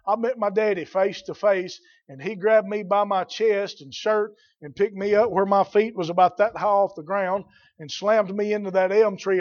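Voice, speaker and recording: A man preaching a folksy, blunt sermon that builds to shouting. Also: sits high, muffled recording.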